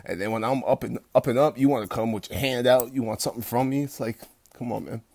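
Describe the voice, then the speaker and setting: A fitness coach talking bluntly and profanely from home at night, rambling with restarts and turning loud and heated as he rants. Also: medium pitch, quick pace, vocal fry. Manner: gets loud and heated when ranting. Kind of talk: late-night livestream pep talk.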